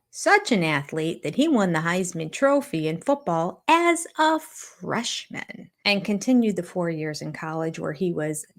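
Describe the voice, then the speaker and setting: Older woman, sarcastic, amused, reaction commentary, slightly low voice. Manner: sarcastic, amused, often laughing. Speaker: YouTube commentator.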